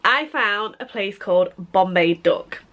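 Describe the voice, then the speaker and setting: A woman's voice: medium pitch, measured pace, pushed and bright. A British woman vlogging a casual unboxing, chatty and gushing, with frequent laughs and gasps. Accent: British English. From Britain.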